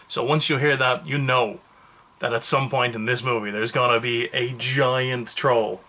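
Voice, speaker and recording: A man giving a casual, jokey movie review, telling the story in a rambling, animated way. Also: medium pitch, measured pace.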